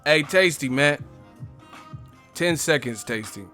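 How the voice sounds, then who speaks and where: A man's voice: on the high side, lively intonation, slow pace, bright, forceful tone, faint music behind. A man hosting a casual live stream, reading chat messages and mocking viewers, profane and laughing often. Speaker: boxing live stream host.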